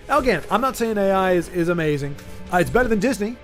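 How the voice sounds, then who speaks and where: High-voiced rambling man. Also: animated, fast talker, faint music behind. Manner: rambling, many restarts and repeated words. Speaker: streamer host. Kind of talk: casual chat.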